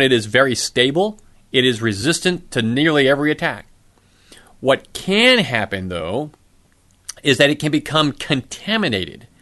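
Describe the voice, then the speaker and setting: A man's voice: mid-range voice, a bit bright. A middle-aged man preaching a sermon in a conversational way, asking rhetorical questions.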